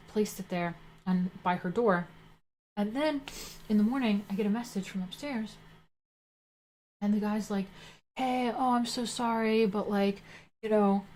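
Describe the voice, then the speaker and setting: A woman hosting a livestream, telling a story in an animated, indignant way and swearing freely, at home. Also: lowish voice, a little hiss or hum. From Slavic background. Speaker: livestream host.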